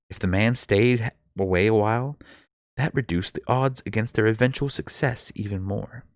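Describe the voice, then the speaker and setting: Guy reading a novel aloud live, gravelly low voice, super lively ups and downs, dry close sound. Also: dry recording. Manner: expressive storytelling with occasional stumbles. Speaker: book reader.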